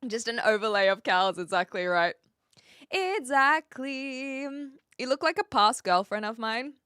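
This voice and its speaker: A woman with a light New Zealand accent chats casually with viewers on a live stream, laughing often and trailing off mid-sentence. Her mid-range voice moves at a normal speed and sounds fairly bright, clear and resonant. The audio is clean studio sound with no room noise.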